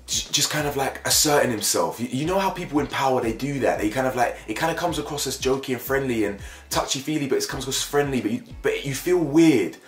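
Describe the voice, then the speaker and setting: Emphatic man in an echoey room. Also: fast talker. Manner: animated, emphatic, repeats phrases for emphasis, jumps up in pitch when worked up. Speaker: YouTube commentator. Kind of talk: opinion commentary vlog. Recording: echoey room with faint music bed.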